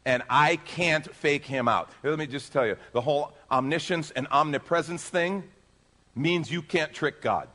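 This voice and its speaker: A man preaching as a pastor, dropping to soft, hushed lines and rising to loud emphasis. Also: a little high, normal speed, in a large hall. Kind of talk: sermon.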